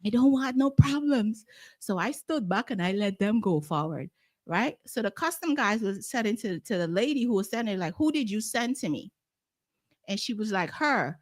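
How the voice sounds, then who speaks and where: A woman's voice: medium pitch, normal speed, no room sound, studio quality. A woman with a Guyanese accent, telling a story in casual talk and acting out the voices of the people in it. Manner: animated, acts out quoted voices. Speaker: guest.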